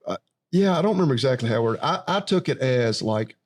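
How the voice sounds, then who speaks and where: A man co-hosting a podcast, chatting casually with quick asides. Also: mid-range voice, animated. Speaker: podcast co-host. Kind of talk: casual chat.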